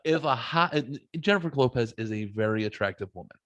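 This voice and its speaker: A man's voice: medium pitch, lively intonation, fairly quick, a bit bright, dry recording, lo-fi sound. A man hosting a podcast, talking in a blunt, joking way, and he swears freely. He restarts his sentences with emphasis as he builds a point. His voice sounds close and dry, with no room around it. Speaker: podcast host. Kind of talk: casual podcast chat.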